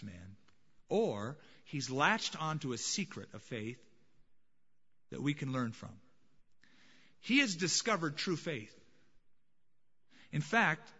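A male pastor preaches with a bright, forceful voice pitched a little high, moving between hushed moments and emphatic declarations. The recording is dull and lo-fi, and a long reverb carries through the church sanctuary. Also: big pitch swings, a little slow, long pauses, husky. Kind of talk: sermon.

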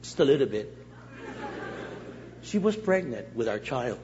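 A man from Los Angeles County preaching his testimony as a guest speaker in a church, an animated storyteller who acts out voices and jokes with the crowd. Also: mid-range voice, a little slow, a little hiss or hum. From Los Angeles County, USA. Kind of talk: sermon testimony. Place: church sanctuary. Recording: echoey hall, slightly dull sound.

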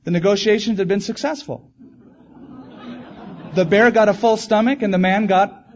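Earnest preacher with a higher voice. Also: male voice, moderate pace, darkish tone, muffled recording, a faint crowd, a little hiss or hum. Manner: earnest, emphatic, repeats key phrases. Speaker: pastor. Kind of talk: sermon.

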